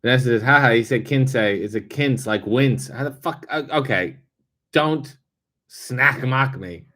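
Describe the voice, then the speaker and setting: A man's voice: medium pitch, normal speed, fairly bright tone. A man hosting a casual livestream, reading viewer comments aloud and answering them with wry, sarcastic asides and casual swearing. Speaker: livestream host reading chat. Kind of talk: casual live chat.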